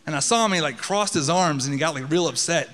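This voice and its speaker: Profane, high-voiced man telling a story on stage. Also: fast, a bit bright, in a large hall. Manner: casual, profane, conversational. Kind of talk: live personal storytelling on stage. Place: theater stage.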